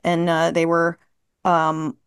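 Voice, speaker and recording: A woman's voice: on the low side, monotone, slow pace, smooth, no room sound, clean studio sound. A woman in her fifties, an interview guest telling stories in a chatty, rambling way with many fillers and frequent laughs. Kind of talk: casual conversation.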